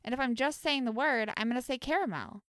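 Young woman co-host, bright tense voice, dry close mic, very opinionated. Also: sits high, fast talker, clean tone, no echo. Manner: opinionated, animated food debating. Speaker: podcast co-host. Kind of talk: casual chat.

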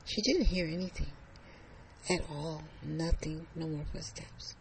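A storyteller telling a suspense story slowly, dropping into whispers at tense moments. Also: mid-range voice, creaky, a little hiss or hum, poor audio. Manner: slow, suspenseful narration with hushed whispers. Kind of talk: told story.

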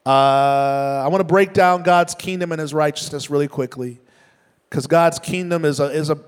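A man's voice: fairly high pitch, moderate pace, smooth, long reverb tail. A male pastor preaching a sermon, with an earnest, explanatory manner that repeats key points.

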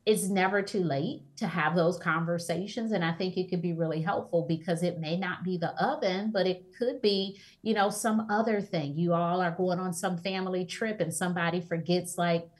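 A woman author as interview guest, giving calm, reflective advice. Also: lowish voice, normal speed, few pauses. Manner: calm, reflective, gently advising.

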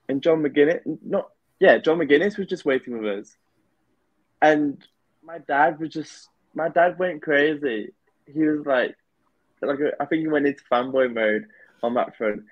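A man, speaking as a podcast guest in a relaxed, rambling way with many "you know" fillers. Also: on the high side, measured pace, no echo, highs cut off. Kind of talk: casual interview chat.

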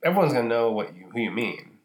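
Deep voiced woman rambling on a podcast, lively ups and downs, roomy echo. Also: quick pace. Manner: playful, rambling, trailing off. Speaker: podcast co-host. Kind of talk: casual chat.

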